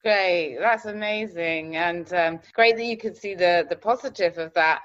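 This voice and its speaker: A woman hosting an interview as relationship coach, talking haltingly with fillers and restarts. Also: on the low side, dull audio. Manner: hesitant, many fillers and restarts, encouraging. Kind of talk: interview chat.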